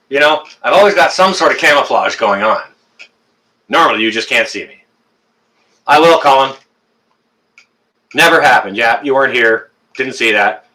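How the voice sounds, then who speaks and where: With a medium-pitched voice that comes across pushed and bright, a fifty-something Canadian livestream host talks casually to viewers. He teases and jokes, often restarting and leaning on fillers.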